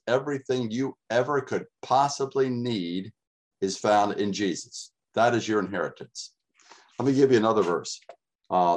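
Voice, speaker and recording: A middle-aged man preaching a sermon, reading scripture aloud and repeating key words with rising emphasis. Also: fairly low pitch.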